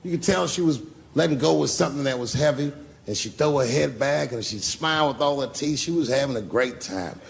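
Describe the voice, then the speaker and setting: A man's voice: mid-range voice, brisk. A man performing a stand-up set in a small comedy club, telling stories in a profane, loose way. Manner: profane storytelling, gravelly.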